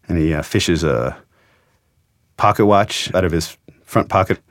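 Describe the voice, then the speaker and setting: A man's voice: low voice, unhurried, pauses often, dry recording. A man, a journalist, earnestly retelling an emotional story from his own experience, quoting the dialogue. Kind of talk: storytelling interview.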